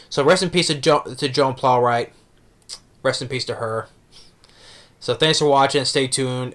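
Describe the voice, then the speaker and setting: A man talking casually as a movie reviewer, halting with many restarts and fillers. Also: mid-range voice, a bit bright. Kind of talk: casual vlog talk.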